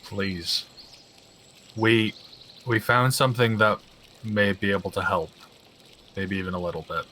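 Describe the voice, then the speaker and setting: A man playing his character in a tabletop game, earnest and reassuring, speaking deliberately. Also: lowish voice, pushed and bright, slight background noise. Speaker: player.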